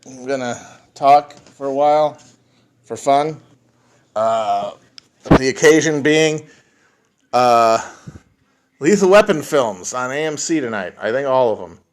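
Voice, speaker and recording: A man's voice: mid-range voice, expressive, slow pace, long pauses. A man hosting a casual solo livestream from home, rambling and swearing, breathing heavily into a phone mic. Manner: rambling, profane and self-deprecating. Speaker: podcast host. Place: at home, alone.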